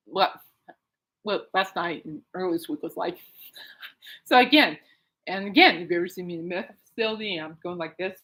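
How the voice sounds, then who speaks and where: A woman hosts her own podcast alone at home late at night. She rambles through a story with lots of fillers and asides, getting excitable as she goes. Her pitch sits right in the middle for a woman. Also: poor audio. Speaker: podcast host. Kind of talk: casual rambling monologue.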